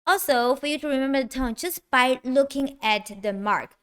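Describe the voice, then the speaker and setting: A woman with a Mandarin Chinese accent teaches a beginner language lesson in a high-pitched, somewhat bright voice. She speaks slowly and clearly, exaggerating the tones for learners.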